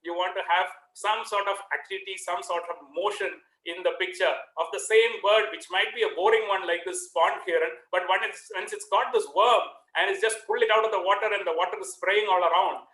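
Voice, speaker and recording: A man giving a relaxed online photography talk from home, with many "uh" fillers. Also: high voice, reverberant, poor audio. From India. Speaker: guest speaker. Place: home room on a video call. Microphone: computer mic on a video call.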